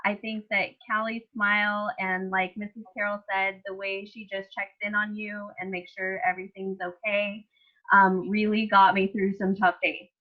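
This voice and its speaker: A woman teacher speaks sincerely and gently about a student over a video call. Her pitch is ordinary. The call audio sounds a little dull and muffled. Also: little pitch movement, normal speed. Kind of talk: short tribute speech.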